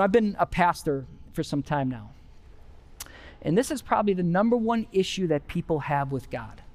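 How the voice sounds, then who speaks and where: A pastor preaching a conversational sermon in church, with rising emphasis on his key points. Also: on the high side. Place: church sanctuary.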